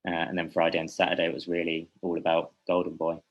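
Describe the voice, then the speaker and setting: A man's voice: sits low, completely flat delivery, quick pace, highs cut off. A man talking as a podcast guest, a boxing journalist who speaks in a meandering, hesitant way and keeps correcting himself. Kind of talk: casual podcast conversation.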